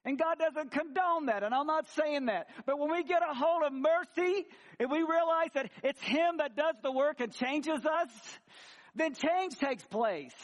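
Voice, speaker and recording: A male pastor preaching a sermon in an animated style, swinging between loud emphasis and quiet conversational asides with some humor. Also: very high voice, a little slow. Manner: conversational, with frequent restarts and humor. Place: church sanctuary.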